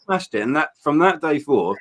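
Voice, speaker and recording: A man's voice: a little high, big pitch swings, moderate pace, fairly bright tone. A man chatting casually on a late-night charity livestream, rambling and enthusiastic with lots of fillers and restarts, tired after staying up all night. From Norfolk, England. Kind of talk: casual chat.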